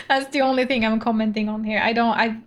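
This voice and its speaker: Speaking briskly in a slightly high voice with a steady tone, a young Swedish streamer chats casually and giggles while playing a game. She reads the game's text aloud, and Swedish is her first language.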